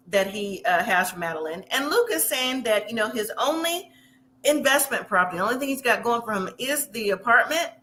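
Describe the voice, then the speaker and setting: There's slight background noise as a woman with a bright, sharp, slightly high voice casually recaps a reality show episode, firing her opinions at the listener. Now and then she slides into quick impressions of the people involved.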